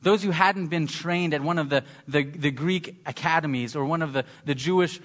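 A man preaching a sermon, talking in a halting way and often repeating words as he searches for them. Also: fairly high pitch, fairly bright tone.

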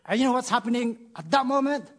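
A man with a Filipino accent, opening a sermon in church with jokes, animated and laughing at himself. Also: very high-pitched, fast. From Philippines. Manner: animated, laughing, self-deprecating. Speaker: church speaker. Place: church, before a congregation.

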